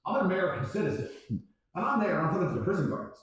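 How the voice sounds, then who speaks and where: A man telling a story in casual chat, profane and animated, acting out other people's lines. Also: sits high, rapid-fire. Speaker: guest storyteller. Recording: echoey room, distant mic.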